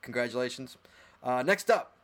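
A man co-hosting a casual chat show, rambling excitedly with lots of fillers and restarts. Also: mid-range voice, normal speed. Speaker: podcast co-host. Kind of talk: casual chat, listing favorite geocaches.

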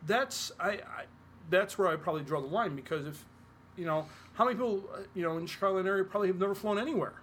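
A man's voice: sits high, fast, fairly bright tone, a little hiss or hum. A man co-hosting a casual talk podcast, rambling and often restarting his sentences as he explains his view. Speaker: podcast co-host. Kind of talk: casual chat.

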